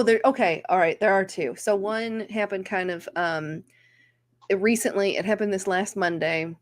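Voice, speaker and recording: A woman chatting casually as co-host, frank and quick to laugh. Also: mid-range voice, a bit bright. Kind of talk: casual chat.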